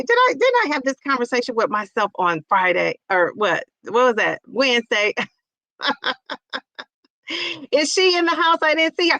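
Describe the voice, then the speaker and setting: Woman, 50s, livestream host reading chat; effusive, bright tone, dry room. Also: sits high, big pitch swings, measured pace, no echo, poor audio. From Ohio. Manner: chatty and effusive, greets viewers with loud bursts. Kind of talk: casual live chat.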